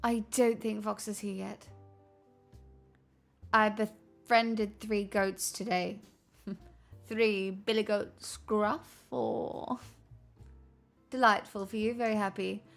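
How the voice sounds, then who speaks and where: A woman live streamer chatting casually with her viewers in a put-on transatlantic accent, with theatrical, drawn-out delivery and plenty of swearing. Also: mid-range voice, fairly even intonation, creaky, faint music behind.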